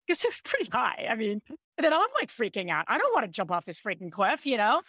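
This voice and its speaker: A woman in her thirties, a podcast co-host, telling a personal story in an animated, chatty way. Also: on the high side, quick pace, no echo, clean studio sound. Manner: animated, chatty, with frequent "like" and "I'm like". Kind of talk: casual storytelling chat.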